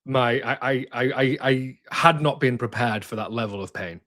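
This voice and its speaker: A male therapist in his thirties talks candidly in an interview. He is direct and emphatic, restarts his sentences often, and swears now and then without softening it. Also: mid-range voice, moderate pace.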